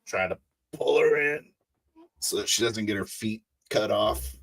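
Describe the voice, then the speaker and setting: Deep-voiced man role-playing a player character. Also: lively intonation, fairly bright tone, dry recording. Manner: halting, describing actions in first person. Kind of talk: in-character tabletop role-play.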